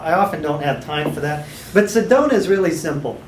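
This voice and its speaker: A man teaching a small class of hypnotherapy students, sometimes slipping into a slow, authoritative guided-imagery voice. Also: a little high, animated, a little hiss or hum. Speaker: hypnotherapy trainer. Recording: echoey room.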